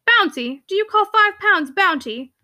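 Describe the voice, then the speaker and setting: Woman reading a pompous male curate: haughty, disdainful, clear bright tone. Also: extremely high pitch, lively intonation, measured pace, pitched above the performer's own voice, full character voice. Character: pompous thick-skinned male curate, condescending.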